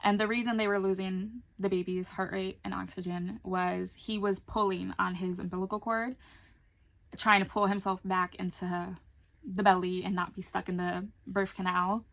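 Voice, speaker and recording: A woman's voice: mid-range voice, little pitch movement, moderate pace, creaky, a bit bright. A young adult woman telling a personal story in a casual vlog, chatty and candid, swearing now and then. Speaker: vlogger.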